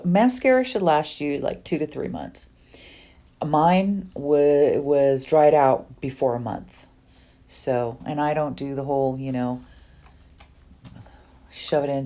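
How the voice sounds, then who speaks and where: A woman in her sixties with a low, mellow voice talks through her makeup at home as if chatting with friends. She rambles a little, trailing into ums and side remarks as she works. Her tone stays easygoing and conversational. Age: 60s. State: under the weather. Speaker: beauty vlogger. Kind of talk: casual get-ready-with-me makeup tutorial.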